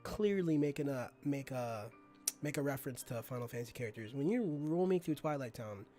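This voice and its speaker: A man hosting a casual podcast chat, talking in an animated, slangy way and letting his phrases trail off low. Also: fairly quick, faint music behind. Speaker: podcast host.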